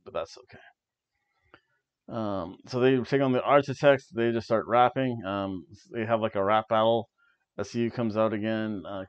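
A man's voice: lowish voice, smooth, lo-fi sound. A man in his forties casually reviewing wrestling from his seat, chatty and drifting off into tangents. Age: 40s. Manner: chatty, jumps between tangents, frequent asides. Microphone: webcam while seated.

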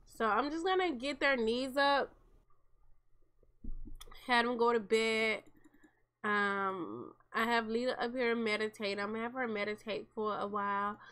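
A young woman gives relaxed game commentary into a desk microphone. Her voice sits a bit high and sounds bright, and she takes her time. She talks straight to her viewers. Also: measured pace, clean tone. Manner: chatty, talks to viewers as "y'all". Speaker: gameplay commentator.

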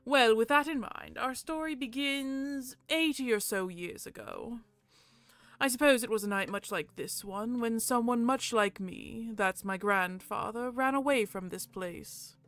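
A woman voicing a proud, scheming male peacock who tells a story in a haughty, slightly raised and louder voice. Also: a little high, unhurried, no echo, soft background music. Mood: storytelling.

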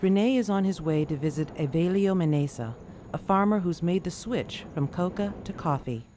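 A narrator reading a scripted documentary in an even, measured way. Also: medium pitch, crowd noise. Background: music.

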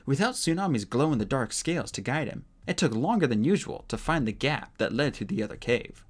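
An audiobook narrator reads a fantasy story with lively, expressive phrasing. The pitch travels widely through each sentence, with an even, middle voice underneath. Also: brisk.

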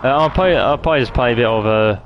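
Male streamer, mid-pitched, swears constantly while trash-talking. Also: fast, muffled recording, a little hiss or hum. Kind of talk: live gaming commentary.

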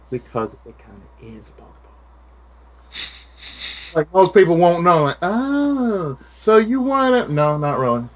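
High, lively ranting man. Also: normal speed, long pauses. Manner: profane, ranting, animated. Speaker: channel host. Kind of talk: casual chat with a friend.

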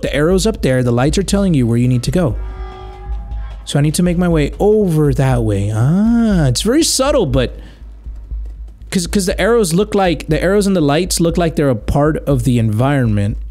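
A man's voice: high voice, a little mellow. A young man doing casual gameplay commentary, joking around and dropping Spanish words. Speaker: gaming YouTuber.

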